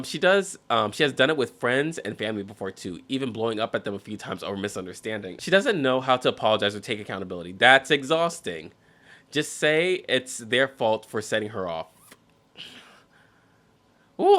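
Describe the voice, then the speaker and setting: A man's voice: fairly low pitch, pushed and bright. A man hosting a casual show, reading relationship posts aloud and breaking in with sassy, mock-exasperated asides. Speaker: podcast host.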